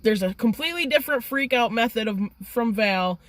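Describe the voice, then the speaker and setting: A woman telling a story in a casual, excitable way, swearing freely. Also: fairly high pitch, fairly quick, no echo. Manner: profane and excitable.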